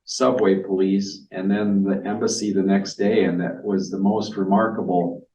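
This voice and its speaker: A middle-aged man with a low, mellow voice adds relaxed remarks to a travel slideshow. He sounds far from the mic, in a roomy space, and the sound is dull and muffled. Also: normal speed. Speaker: co-presenter. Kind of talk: casual slideshow talk.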